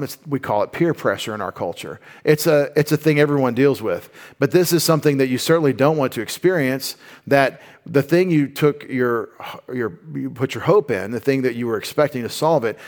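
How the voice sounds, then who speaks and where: A man teaches through a Bible passage in an easygoing, conversational way, with a voice of ordinary middle pitch. He explains as he goes, breaking off for asides and restarting sentences.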